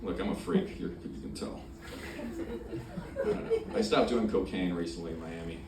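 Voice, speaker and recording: A man doing a stand-up comedy set on a club stage, brash and crude, swinging from loud punchlines to mumbled asides. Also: low voice, huge pitch swings, normal speed, vocal fry. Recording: roomy club sound from far off, loud crowd noise.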